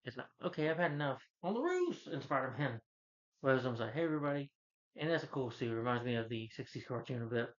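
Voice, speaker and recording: A man casually retells a movie's plot, full of fillers and quick quoted lines. His voice sits in the middle range. The recording sounds dull and lo-fi. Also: medium pitch, very animated. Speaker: movie reviewer. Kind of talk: casual film recap.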